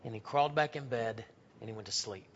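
A man preaching a sermon in a church, telling stories and acting out the voices in them, swinging from loud to hushed. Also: mid-range voice, fast, a little hiss or hum. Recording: dull lo-fi recording.

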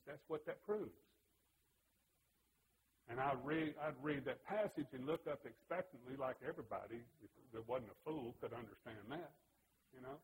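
A man's voice: medium pitch, a little hiss or hum, rough recording. A man giving an earnest, conversational Bible lesson. He tells stories from his own life and acts out the remembered exchanges. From United States. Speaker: Bible teacher.

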